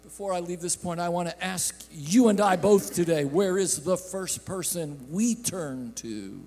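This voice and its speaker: A man preaching a sermon from a church sanctuary, swinging between bursts of shouting and hushed, drawn-out phrases. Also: sits high. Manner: impassioned preaching with sudden shouts and hushed drops; slow, drawn-out delivery. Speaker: pastor. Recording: echoey sanctuary with long reverb.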